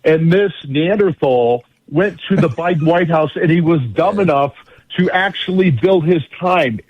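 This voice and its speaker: A man's voice: a little high, a little slow, slightly rough, highs cut off. A man giving a combative radio interview as a guest, blunt and emphatic, hammering his points through repetition. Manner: blunt, emphatic, repeats phrases for force. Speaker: guest legal commentator.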